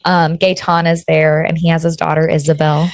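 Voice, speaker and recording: A woman's voice: deep voice, level tone, normal speed, no room sound. A young woman co-hosting a book club podcast, giving a long, rambling plot synopsis full of "um"s. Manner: rambling synopsis with many fillers and apologies. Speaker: podcast co-host. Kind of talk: casual book club chat.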